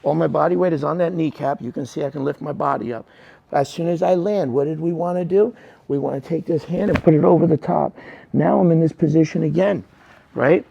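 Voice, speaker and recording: A middle-aged male jiu-jitsu instructor with a gravelly, husky voice, pitched a little high yet dark and mellow in tone. He coaches through a technique on the mat, checks in with short questions, and slips into quick asides where he plays his students. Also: highs cut off. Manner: coaching, checks in with "right?" and "okay?".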